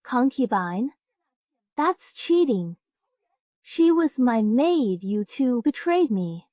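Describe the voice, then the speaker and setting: Woman acting as a vengeful young wife, cold, slightly high, dry close voice. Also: big pitch swings, takes it slowly, mellow, no room sound, muffled recording. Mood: defiant. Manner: cold, defiant. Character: sharp-tongued young wife, defiant and vengeful. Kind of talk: dubbed drama acting.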